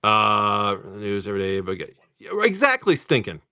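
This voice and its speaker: Lively, loose-talking man hosting a stream. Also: fairly low pitch, normal speed, clean tone. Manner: loose and talkative, swears casually, talks to chat. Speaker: host of a live card-pack opening stream. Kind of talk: casual live-stream chat.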